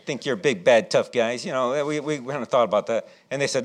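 A middle-aged man preaching a sermon and telling a childhood story, animated and acting out what people said. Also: mid-range voice, a little fast, few pauses. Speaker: pastor.

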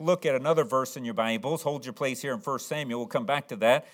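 A man's voice: medium pitch, fast, hardly any pauses. A man delivering a sermon as a pastor in a church, folksy and repetitive, building to emphatic preaching. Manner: folksy, repeats phrases, rises to emphatic preaching. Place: church sanctuary.

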